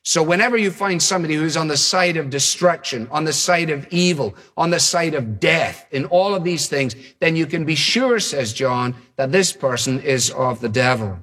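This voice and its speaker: A man preaching a sermon in a husky, slightly breathy voice that sits a little higher than most men's. He builds his points through emphatic repetition, stacking one short phrase on the next. His delivery is that of a preacher walking a congregation through scripture. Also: expressive, moderate pace, hardly any pauses, fairly bright tone, big-room sound.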